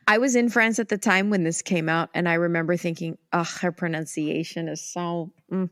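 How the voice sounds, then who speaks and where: A woman's voice: lowish voice, fairly even intonation, normal speed, hardly any pauses, no room sound, clean studio sound. A woman co-hosting a podcast, talking casually in a thoughtful, hedging way. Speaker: podcast co-host. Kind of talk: casual chat.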